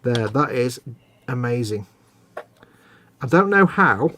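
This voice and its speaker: A man's voice: medium pitch, sing-song, slow pace, sharp tone, slight background noise. A man hosting a live stream, chatting casually and joking at his own expense while he describes his model building. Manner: chatty, self-deprecating, narrating his work. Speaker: host.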